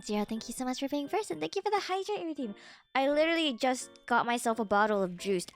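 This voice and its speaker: A woman streamer chatting casually and excitably with her viewers, swearing freely as she greets them. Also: high voice, a little fast, faint music behind.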